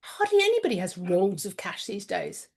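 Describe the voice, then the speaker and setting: A woman's voice: medium pitch, big pitch swings, moderate pace, husky. A woman, the host of a spiritual channel, telling a personal story in a chatty, candid way with some mild swearing.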